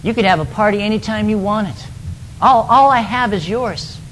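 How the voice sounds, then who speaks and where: A man voicing a loving, forgiving father in a retold parable, speaking gently and reassuringly. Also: high voice, normal speed, a little hiss or hum. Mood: tender.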